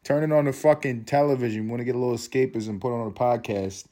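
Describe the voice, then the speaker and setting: A man's voice: medium pitch, fairly even intonation, fast, mellow. A man in his thirties from East Harlem with a New York accent, hosting a solo podcast in a profane, rambling way and laughing at his own jokes. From East Harlem, New York City. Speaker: podcast host.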